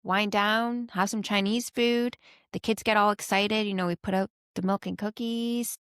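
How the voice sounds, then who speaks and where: Lively storytelling mom, dry sound. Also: female voice, medium pitch, moderate pace, clean tone, dry recording. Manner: lively storytelling, laughing often. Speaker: podcast co-host; mother. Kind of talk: casual chat.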